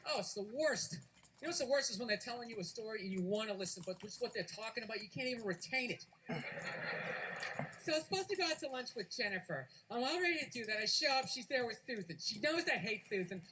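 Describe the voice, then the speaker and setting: A male stand-up comic with a high, bright voice, ranting and swearing through his set. He lets out laughing asides as he goes, and a faint hiss sits under the recording. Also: poor audio. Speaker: stand-up comedian. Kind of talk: stand-up routine.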